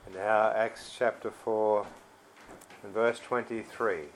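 A man preaching a sermon, pausing and repeating words, reading scripture louder than he speaks. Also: steady tone, slight background noise, low-quality recording. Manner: slow and halting, repeats words, reads scripture louder and higher.

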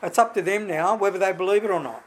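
A middle-aged man giving an informal sermon, mixing scripture with a personal story told in a chatty, animated way. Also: sits high, fast, slight background noise, rough recording. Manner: conversational, animated storytelling with many restarts. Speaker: lay preacher.

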